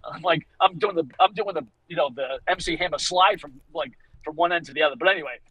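A husky-voiced man in his fifties with a Boston accent, talking quickly and with energy. He tells stories on a podcast, slipping into the voices of the people he quotes, and drives home motivational points. His voice sits a little high for a man. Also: no room sound, lo-fi sound. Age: 50s. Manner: animated storyteller, acts out quotes, motivational. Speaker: guest fitness coach. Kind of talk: casual podcast conversation.

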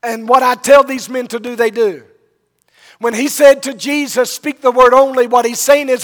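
High-voiced preacher in an echoing hall. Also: male voice, steady tone, moderate pace, fairly bright tone. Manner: dramatic storytelling, acting out the quoted voices. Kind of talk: sermon. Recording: long reverb of a large hall.

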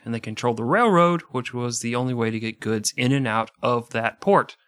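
A man's voice: medium pitch, fairly bright tone, no echo, studio quality. A man narrating history as a podcast host, with profane, jokey asides. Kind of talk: irreverent comedic history narration.

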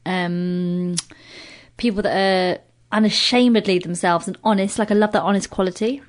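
A British woman in her thirties, a comedian guest in casual podcast chat, animated and swearing freely. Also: medium pitch, a little fast. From Britain. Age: 30s. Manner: animated, swears freely, acts out quoted voices.

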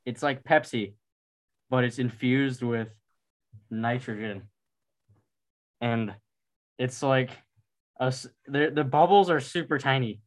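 A young man bantering with a friend, tossing out silly theories and laughing as he goes. His voice sits at an ordinary middle pitch in an easygoing chat. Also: slow pace, pauses often. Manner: joking, laughs often, says bro. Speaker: friend in conversation. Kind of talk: casual chat.

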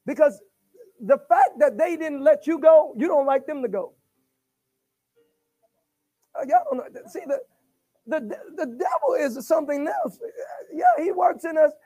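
A man preaching a sermon. He swings between shouted bursts and hushed asides, stuttering on repeated words and calling for replies. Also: very high-pitched, big pitch swings, unhurried, pauses often, soft background music.

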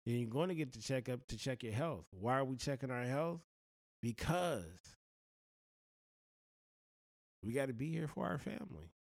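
A man's voice: medium pitch, no room sound. Earnest man giving blunt life advice. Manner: earnest, blunt, slangy, heartfelt. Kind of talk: direct-to-camera life advice monologue.

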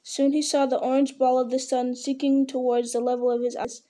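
A woman's voice: high voice, flat delivery, brisk, mellow. A woman reading a novel aloud in an unpolished way, stumbling over words and restarting them. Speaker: reader.

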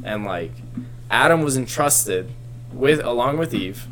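A man in casual chat who retells a story in a rambling, animated way, full of filler words. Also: mid-range voice, measured pace, music in the background.

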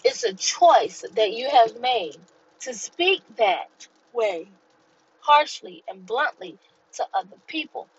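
A woman hosting a podcast, giving an inspirational faith talk in a slow, deliberate, preaching way. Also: a little high, sing-song, breathy edge, lo-fi sound. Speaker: podcast host.

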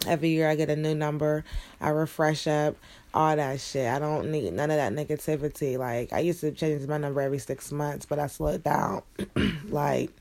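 A woman's voice: low-pitched, vocal fry, darkish tone. A young woman ranting bluntly and profanely in a casual monologue. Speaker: vlogger.

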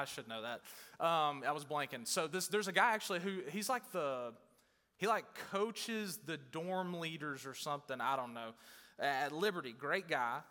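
A man's voice: fairly high pitch, sharp tone. A young male pastor preaching a sermon in a casual, conversational way, with emphatic bursts and acted-out quotes of churchgoers. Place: church hall. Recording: long hall reverb.

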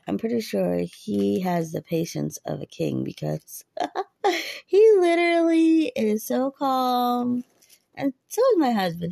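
A podcaster in her thirties gives a personal faith talk, speaking earnestly and chattily about faith and waiting and laughing often. Her medium-pitched voice is creaky and warm. The recording is studio quality with no echo.

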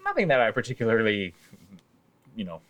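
A man with a voice that sits a little low, talking casually on a podcast. He is easygoing and wry, with lots of "um" and "you know" as he tells his stories. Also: huge pitch swings, fairly quick, fairly bright tone, dull audio. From Canada. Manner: easygoing storyteller, frequent fillers and wry humor. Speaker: guest.

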